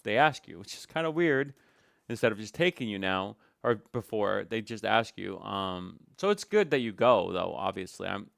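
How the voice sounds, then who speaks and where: A man's voice: mid-range voice, fairly bright tone, clean tone, no room sound, studio quality. A man giving casual reaction commentary on a stream, talking in a hesitant, musing way with many fillers.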